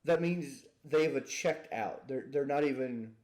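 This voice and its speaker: A man co-hosting a casual comedy chat, joking and acting out voices with deadpan punchlines. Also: mid-range voice, a little slow. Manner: jokey, acts out silly voices, deadpan punchlines. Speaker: podcast co-host.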